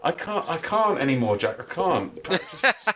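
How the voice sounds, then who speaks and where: A man co-hosting a podcast in casual chat, ranting with animated, sweary exasperation. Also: on the high side, moderate pace. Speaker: podcast co-host.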